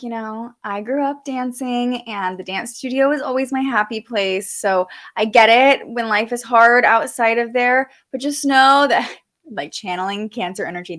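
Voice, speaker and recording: A woman's voice: on the high side, fairly bright tone. A young woman hosting a casual astrology livestream, chatting and reading viewer comments aloud, a bit sleepy.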